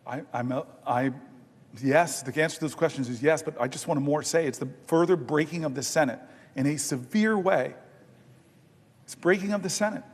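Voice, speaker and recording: A man's voice: a little high, moderate pace. A man giving a long, conversational floor speech as a senator, telling a story with many stumbling restarts. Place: large legislative chamber. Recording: reverberant chamber broadcast.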